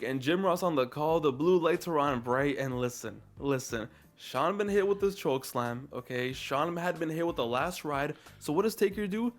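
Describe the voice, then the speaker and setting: Man, higher-pitched voice, excited play-by-play recap, passionate reaction commentary. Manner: excited, emphatic play-by-play recounting. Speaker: co-host reacting to wrestling.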